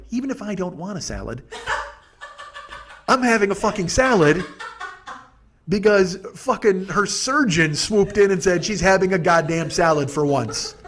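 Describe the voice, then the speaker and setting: Man, higher-pitched voice, podcast host, animated, swearing, stammering restarts. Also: a little hiss or hum. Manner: profane, animated storyteller. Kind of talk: rambling comic monologue.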